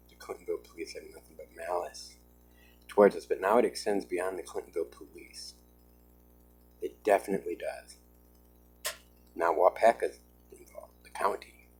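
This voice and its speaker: A man's voice: deep voice, breathy edge, rough recording. A man talking to his own camera in an agitated, emphatic vlog monologue, often saying "man". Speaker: vlogger. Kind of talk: self-recorded vlog monologue.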